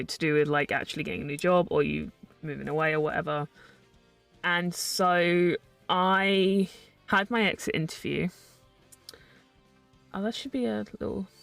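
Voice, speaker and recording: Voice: medium pitch, creaky, fairly bright tone, no echo, distant mic. A young adult streamer chatting casually and ranting sarcastically while building, laughing often.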